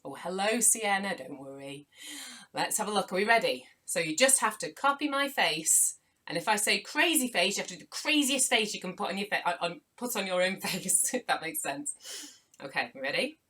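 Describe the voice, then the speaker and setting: A young woman hosts a live children's writing workshop over a computer mic. She talks to the kids in a playful, animated way, gasping with delight and calling out viewers by name. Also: medium pitch, normal speed.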